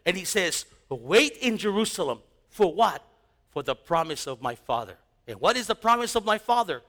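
Middle-aged male pastor, higher-pitched, animated storyteller who drops into hushed tones. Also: moderate pace, long reverb tail. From East Los Angeles. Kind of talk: sermon.

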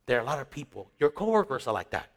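A man preaching a sermon as a pastor, emphatic, repeating phrases and swinging between loud rises and quiet drops. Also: mid-range voice, very animated, rapid-fire, long reverb tail.

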